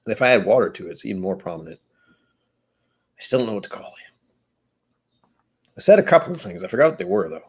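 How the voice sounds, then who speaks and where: A man with a somewhat low voice talks his way through a live tasting session. He muses aloud and wanders off track, then gently pokes fun at himself. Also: very animated, a little fast, long pauses, husky. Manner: rambling, musing, self-deprecating. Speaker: host of a whiskey tasting stream. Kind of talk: casual live-stream chat while tasting.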